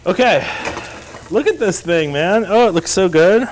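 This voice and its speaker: A man teaching a live cooking class. His talk is slow and chatty, upbeat and a little self-deprecating. Pans sizzle and cookware clatters faintly behind him in the kitchen. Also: high-pitched, animated, noisy background. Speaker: cooking instructor. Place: kitchen studio. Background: sizzling pan and clattering cookware.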